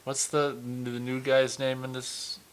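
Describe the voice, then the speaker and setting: A man's voice: mid-range voice, monotone, slow, clean tone. A man co-hosting a casual episode review, rambling, often restarting sentences and laughing easily. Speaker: podcast co-host. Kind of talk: casual movie review chat.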